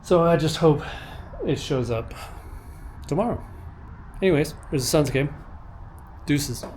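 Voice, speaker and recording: A man's voice: fairly high pitch, a little slow, a little mellow, a little hiss or hum. Laid-back joking man in a garage vlog. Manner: laid-back and wry, with offhand jokes. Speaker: vlogger working on an old truck.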